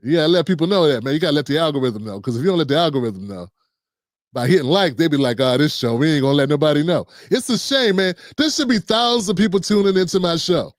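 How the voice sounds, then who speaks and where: A middle-aged man with a high, light voice hosts a loose, playful talk show full of slang and banter. The sound is dry and close, with no room around it. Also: lively intonation, quick pace, no room sound. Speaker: political talk show host. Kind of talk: casual livestream commentary.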